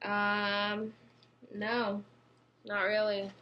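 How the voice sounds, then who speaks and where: A young Swiss vlogger with a Swiss accent speaks in a medium-pitched, sharp-toned voice, completely flat and drawing out her words, with a little hiss or hum on the built-in computer mic. Chatting casually to camera from her apartment, she rambles with fillers and restarts.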